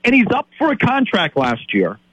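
A man's voice: high voice, wildly swooping pitch, moderate pace, a bit bright, slightly rough, no echo, poor audio. A man in his late fifties from Wisconsin, a sports talk host ranting in exasperation and tripping over repeated words. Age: 50s.

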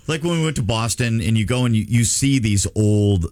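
A man's voice: lowish voice, lively intonation, normal speed, a little mellow. A man co-hosting a morning radio show, telling stories in casual banter and laughing at his own points.

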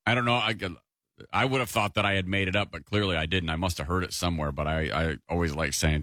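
A man speaks in a very deep, low-key voice on a radio talk show. His humor is dry and understated, recorded dry and close. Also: fairly even intonation, fast, pushed and bright, dry recording. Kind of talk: casual chat.

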